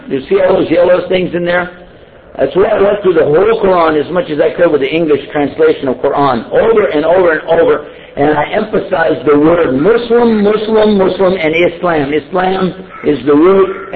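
Man preaching over a tinny line. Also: a little high. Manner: conversational and joking, asks the audience questions. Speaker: Muslim preacher. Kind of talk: informal sermon talk. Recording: tinny phone-like sound with faint noise.

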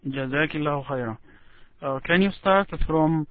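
A man's voice: fairly high pitch, dry recording. Patient male recitation teacher over a tinny call. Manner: patient, slow, demonstrates words drawn out. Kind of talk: one-on-one recitation lesson. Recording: tinny phone-like line.

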